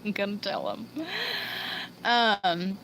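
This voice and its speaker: A woman's voice: mid-range voice, big pitch swings, slow pace, fairly bright tone, a little hiss or hum, rough recording. A woman hosting a casual livestream, laughing constantly and losing her train of thought. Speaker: livestream host. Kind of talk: casual live chat.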